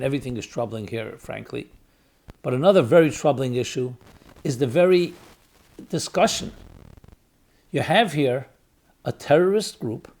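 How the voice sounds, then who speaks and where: A man's voice: on the high side, gravelly, a little mellow. Emphatic man, rabbi lecturing. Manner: emphatic, repeats key words for stress; weighs arguments aloud, asking rhetorical questions. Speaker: rabbi and podcast host. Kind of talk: spoken lecture answering questions.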